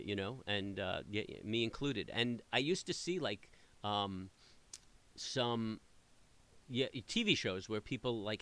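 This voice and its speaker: Rambling, bright-voiced man chatting. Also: mid-range voice. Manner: rambling, many fillers and restarts. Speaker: trading stream host. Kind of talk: casual chat with live viewers.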